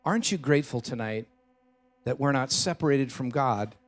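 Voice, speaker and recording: A man preaching a Christmas Eve sermon in a church, telling a story with dramatic shifts between loud and hushed delivery. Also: mid-range voice, normal speed, faint music behind. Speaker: pastor.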